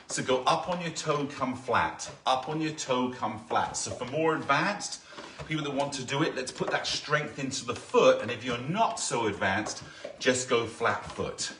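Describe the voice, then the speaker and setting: A man's voice: mid-range voice, bright, forceful tone, a little hiss or hum. A man leading a live-streamed balance workout, counting reps aloud and giving step-by-step coaching. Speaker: balance fitness instructor. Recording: echoey room, voice from a distance.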